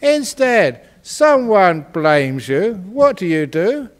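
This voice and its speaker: A male Buddhist teacher telling a fable in a dharma talk, playful and animated, often breaking into laughter. His slightly raised voice moves up and down a lot, and he takes his time over each phrase. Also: high voice, takes it slowly.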